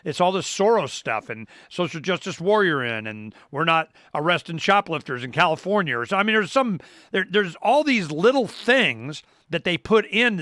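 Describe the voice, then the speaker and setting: Man, talk show host, bright forceful voice, dry close sound, rambling and emphatic. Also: a little high, dry recording. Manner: emphatic, rambling, restarts often. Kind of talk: casual talk-radio conversation.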